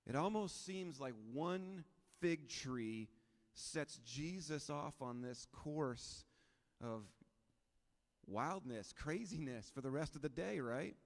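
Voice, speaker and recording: A man preaching a sermon as pastor, in a relaxed, conversational way with frequent rhetorical questions. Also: fairly high pitch, slow pace, long reverb tail.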